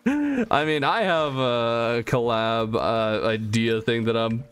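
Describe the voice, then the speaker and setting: A man's voice: mid-range voice, lively intonation, takes it slowly, fairly bright tone, clean tone, soft background music. A young man streaming a game live, chatting casually and reading chat aloud, a bit easily startled, on a desktop mic. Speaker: gaming streamer.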